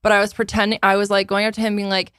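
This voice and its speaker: A woman's voice: medium pitch, monotone, rapid-fire, fairly bright tone, smooth, dry recording, studio quality. A young woman co-hosting a podcast in casual chat, playful and giggly, swearing casually. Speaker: podcast co-host.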